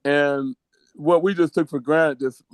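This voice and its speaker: A man's voice: on the high side, steady tone, measured pace, dry recording. A middle-aged man co-hosting a casual podcast over a video call, telling rambling, sentimental stories. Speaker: co-host.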